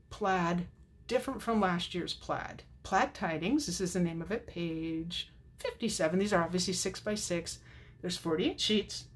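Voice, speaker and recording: A middle-aged woman hosting a live craft unboxing, chatting to herself and answering viewers by name. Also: lowish voice. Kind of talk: casual chatty product show-and-tell.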